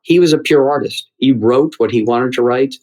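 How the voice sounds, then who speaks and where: A middle-aged man from the United States, a theater critic, telling lively stories as a guest in an interview. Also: medium pitch, normal speed, rough recording. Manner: animated storyteller who acts out quoted voices. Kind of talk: anecdotal interview storytelling.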